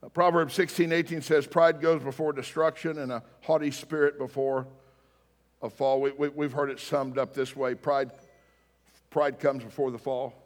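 Conversational pastor preaching in a reverberant hall. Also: male voice, mid-range voice, little pitch movement, normal speed. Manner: conversational, storytelling, self-deprecating. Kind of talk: sermon. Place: church sanctuary.

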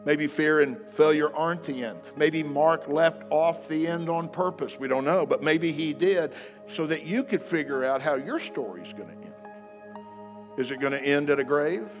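A man preaching a sermon to a congregation in a church hall, emphatic, swinging between loud declarations and soft asides. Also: fairly high pitch, moderate pace. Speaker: pastor. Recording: long hall reverb, faint music behind.

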